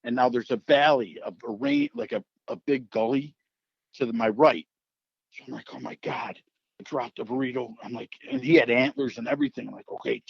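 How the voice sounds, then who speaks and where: A middle-aged man from Wisconsin telling a hunting story in casual chat, animated and swearing, acting out what people said. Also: mid-range voice, a little fast, creaky, breathy edge, dry recording. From Wisconsin, United States. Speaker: podcast host. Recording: slightly muffled, dry.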